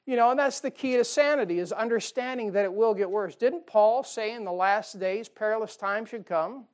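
Folksy preaching man. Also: high voice. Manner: folksy, conversational preaching with chuckles and asides. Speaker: pastor. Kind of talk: sermon.

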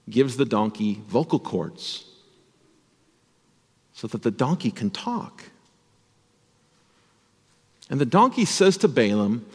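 Male pastor, children's sermon; animated, slow delivery, long church reverb. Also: mid-range voice. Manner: animated, addresses children with questions.

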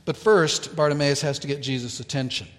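A man preaching a sermon, telling a Bible story in a slow, deliberate way with dramatic pauses. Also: on the high side, steady tone, long reverb tail. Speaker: pastor.

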